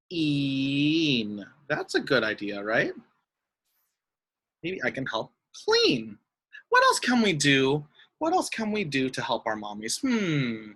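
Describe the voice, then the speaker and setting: Young male kids' teacher, sweet and sing-song, bright and very animated. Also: mid-range voice, slightly rough, low-quality recording. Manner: sing-song, speaks slowly and sweetly to small kids. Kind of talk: online lesson for young children.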